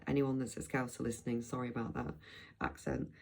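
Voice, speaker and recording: Middle-aged woman from blackpool, deep gravelly voice, rambly vlog chat. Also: big pitch swings, a little fast, poor audio. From England, Blackpool. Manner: rambling, loose, full of restarts and asides. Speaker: vlogger.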